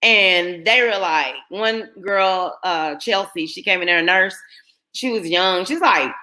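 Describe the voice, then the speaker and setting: A woman's voice: on the low side, a little slow, bright, forceful tone. A middle-aged woman, telling a personal story to her viewers in an earnest, emotional way. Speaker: vlogger.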